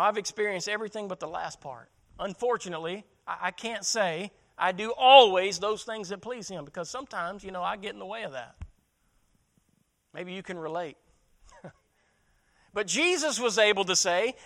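A man's voice: high voice, a bit bright. A man preaching a sermon as pastor, asking rhetorical questions, repeating words as he restarts, and building to emphatic peaks.

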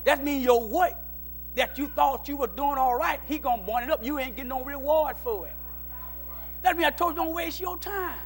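A man preaching a sermon in plain folksy speech, dropping into low asides and then rising to shouted exhortation. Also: moderate pace. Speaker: pastor. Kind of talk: call-and-response sermon.

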